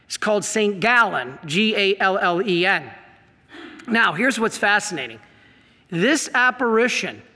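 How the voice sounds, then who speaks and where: A man, a priest, telling a story in an animated talk, laughing and acting out the quotes. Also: sits high. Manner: lively, laughs, acts out quotes, excitable. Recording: long hall reverb.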